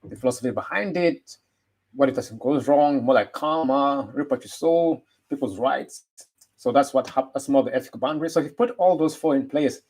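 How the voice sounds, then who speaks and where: A man's voice: mid-range voice, a little mellow, breathy edge. A man giving a rambling motivational talk, full of rhetorical questions. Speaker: motivational speaker. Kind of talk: motivational monologue.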